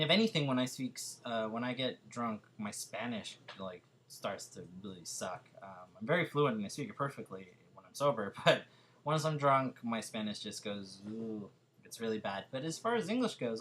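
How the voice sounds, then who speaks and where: A man's voice: medium pitch, a bit bright, a little hiss or hum. A young man with a Californian accent, chatting casually as a vlogger answering viewer questions, hesitant and full of fillers. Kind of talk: casual chat.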